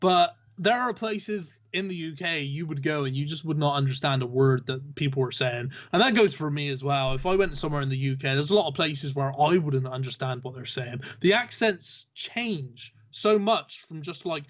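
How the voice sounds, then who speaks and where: A man with a rhotic Southern English accent, talking in a loose, rambling way with lots of fillers and casual swearing. His voice sits a little high, and it comes through a dull, lo-fi mic. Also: animated, moderate pace, hardly any pauses. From southern England. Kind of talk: casual chat.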